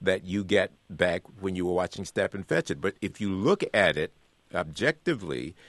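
Earnest low-voiced man, dry studio. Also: animated, moderate pace, fairly bright tone, no room sound. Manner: earnest, repeats words while building a point. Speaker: author and guest. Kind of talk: radio interview.

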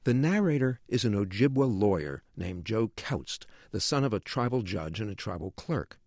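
Low-voiced man reading a radio book review. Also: very animated, moderate pace, a little mellow, dry recording, clean studio sound. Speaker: book critic.

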